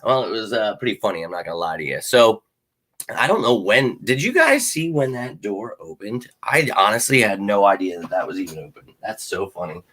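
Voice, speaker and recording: A man in his thirties hosts a live fan Q&A from his home office, chatting in a loose, rambling way. His voice is bright and edgy. He swears offhandedly and keeps calling viewers "man" and "dude.". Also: on the low side, very animated, brisk. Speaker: sports show host. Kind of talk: casual live Q&A chat.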